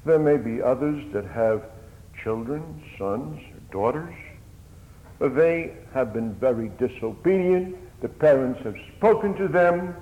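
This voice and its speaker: A man's voice: mid-range voice, animated, a little slow, warm tone, long reverb tail, muffled recording. A man preaching a sermon in an earnest, pleading manner that rises in fervor.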